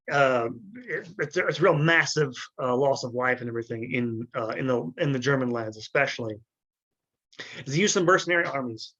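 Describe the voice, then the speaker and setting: Halting man lecturing on history. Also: mid-range voice, a bit bright, muffled recording. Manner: halting, many fillers and restarts, frequent throat clearing.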